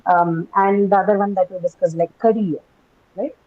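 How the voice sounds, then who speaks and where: A woman's voice: medium pitch, fairly even intonation, normal speed. A woman teaching an English phonetics class, explaining step by step with many ums and rights. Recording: muffled lo-fi audio.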